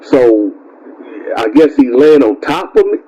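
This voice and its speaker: A man's voice: mid-range voice, expressive, measured pace, warm tone, lo-fi sound. A man casually telling a story to his viewers, stammering and repeating words; he calls himself tongue-tied. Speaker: storyteller and channel host.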